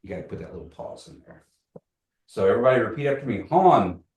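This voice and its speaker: A man teaching a community language class, joking with students and slowly repeating phrases for them. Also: fairly low pitch, a little mellow, distant mic. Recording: echoey classroom.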